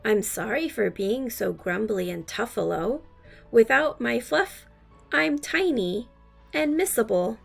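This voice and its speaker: Lady reading aloud as a grumpy stompy buffalo guy, raised and gruff. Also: on the high side, expressive, slow, soft background music, heavily acted. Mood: sheepish. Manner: blustery, huffing declarations. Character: grumpy huffy male buffalo, stomping and proud.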